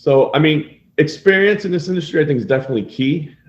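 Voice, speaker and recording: A man's voice: a little high, quick pace. Man hosting a podcast, echoey and dull. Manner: relaxed storytelling with fillers. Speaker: podcast host, assisted living operator. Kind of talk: casual interview chat. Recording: echoey room, dull lo-fi sound.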